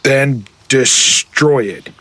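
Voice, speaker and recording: A man's voice: mid-range voice, fairly bright tone. A man playing a tabletop role-playing game, describing his character's actions with growing intensity. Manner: intense, rising fast when worked up. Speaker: player.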